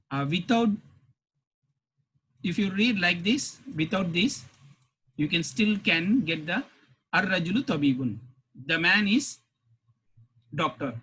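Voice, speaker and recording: Male Arabic teacher, slow and patient, slightly husky, repeats lines for students. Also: sits high, fairly bright tone. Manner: slow, repeats phrases, reads Arabic then translates. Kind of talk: grammar lesson.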